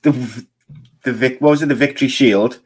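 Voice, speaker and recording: A man's voice: mid-range voice, fairly quick, husky. Upbeat man co-hosting a podcast. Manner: upbeat, introducing. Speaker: podcast co-host. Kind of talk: casual chat.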